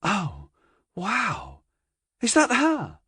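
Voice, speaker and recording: A man reading an audiobook voices an excited, slightly slurred young woman at a nightclub. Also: sits high, normal speed, dry recording, clean studio sound, voice pushed up. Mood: eager. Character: bubbly tipsy young woman, eager and merry.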